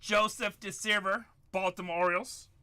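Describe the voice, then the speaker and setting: A man's voice: sits high, steady tone, normal speed. A middle-aged man hosting a live card break, hyping up the chat and repeating his calls. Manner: hyped, shouts up to the chat, repeats lines.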